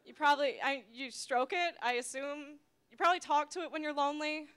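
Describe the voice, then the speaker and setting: A young woman doing a rambling, self-deprecating stand-up set, jumping into loud shrill voices for the people she quotes. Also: steady tone, fairly quick. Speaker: stand-up comedian.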